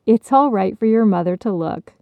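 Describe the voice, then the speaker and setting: A woman's voice: mid-range voice, animated, moderate pace, creaky, dry recording, narrow, tinny audio. A woman voicing a mild, soothing older woman who minds children, in a storybook reading.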